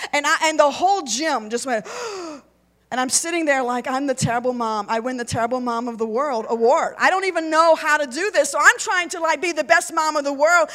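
A woman's voice: sits high, pushed and bright. A woman pastor telling a personal testimony in a chatty, rambling way, full of "like" and "and so". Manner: chatty, rambling, many "like" and "and so" fillers. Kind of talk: storytelling testimony.

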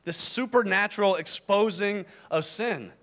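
A man's voice: high-pitched, measured pace, a bit bright. A man preaching a sermon, stressing points with repetition and acting out the voices of God and the people in scripture. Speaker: pastor.

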